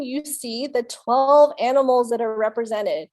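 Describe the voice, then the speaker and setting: A woman's voice: on the high side, a little slow, a little mellow. A woman leading a children's storytime, reading aloud and playfully making animal sounds with the kids. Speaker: children's librarian.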